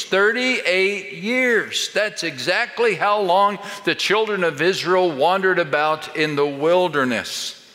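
An older pastor preaches in a bright, forceful, slightly high voice, emphatically building a series of pointed rhetorical questions. His slow, deliberate delivery echoes with long reverb, like in a large church sanctuary.

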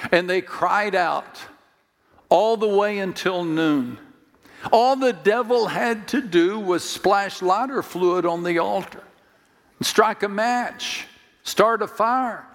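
Pastor, male, slow and dramatic sermon delivery, slightly high voice, long hall reverb. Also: fairly bright tone. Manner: dramatic storytelling with jokes and direct appeals.

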